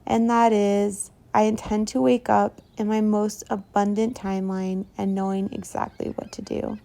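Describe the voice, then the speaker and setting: A woman talking in a casual diary-style vlog, rambling softly and trailing off with fillers, a little stuffy from allergies. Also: mid-range voice, level tone, moderate pace, gravelly. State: runny nose from allergies. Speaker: meditation vlogger.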